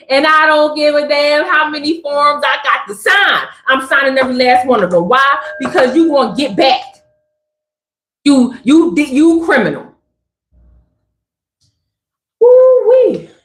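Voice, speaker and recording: A woman giving a spiritual message on a live stream, talking in an animated, emphatic, slangy and preachy way. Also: high-pitched, normal speed. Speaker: spiritual reader. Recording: roomy echo.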